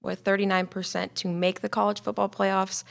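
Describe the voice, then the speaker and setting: A woman co-hosting a sports talk show, reading out news and figures in a brisk way. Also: medium pitch, flat delivery, vocal fry.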